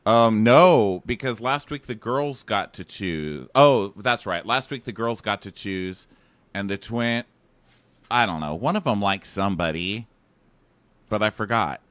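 A man's voice: fairly low pitch, unhurried, fairly bright tone, dry recording. A man co-hosting a podcast, chatting casually and jokingly about a reality show and acting out quotes. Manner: joking, acts out quotes in put-on voices. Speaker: podcast co-host. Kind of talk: casual show recap chat.

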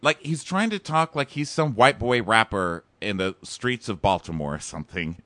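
Snarky guy ranting, kinda low voice, dead dry sound. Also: animated, moderate pace, no echo. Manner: sarcastic, mocking, breaks into loud put-on voices. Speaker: podcast co-host. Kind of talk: casual comedic chat.

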